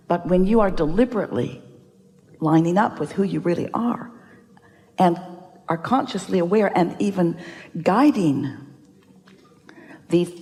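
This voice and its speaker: A woman giving an inspirational seminar talk, speaking as "we" with emphatic, drawn-out "oh"s and sighs. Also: sits low, dark tone, in a large hall. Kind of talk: live motivational seminar talk.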